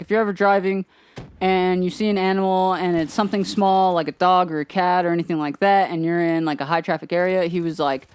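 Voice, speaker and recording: Young man, casual rambling storyteller, smooth tone, dry close sound. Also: high voice, no room sound. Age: young adult. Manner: rambling, chatty, quotes others with "he was like". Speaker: gaming channel host.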